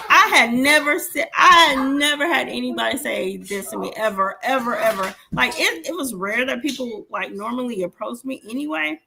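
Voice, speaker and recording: Her voice is on the high side, creaky, bright and forceful, with a little hiss or hum in the recording. She's a podcast co-host in her forties, animatedly spinning stories in a casual chat, acting out dialogue and swearing freely.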